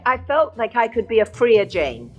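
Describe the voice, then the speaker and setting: A woman's voice: on the high side, moderate pace, lo-fi sound, soft background music. An actress from England talking enthusiastically about her lead role in a cast interview. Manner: enthusiastic, animated storytelling. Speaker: lead actor.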